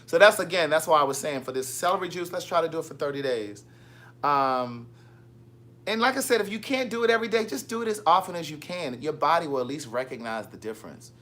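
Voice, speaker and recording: A man's voice: fairly high pitch, animated, quick pace, sharp tone. A man hosting a casual livestream, chatting and teasing as he reads viewer comments. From Maryland. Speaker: livestream host. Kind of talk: casual live chat.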